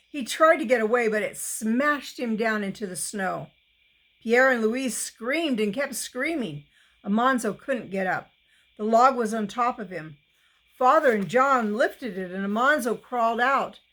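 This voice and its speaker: Slow, deliberate woman reading aloud. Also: fairly high pitch, fairly bright tone, low-quality recording. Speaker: reader. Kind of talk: reading a children's novel aloud.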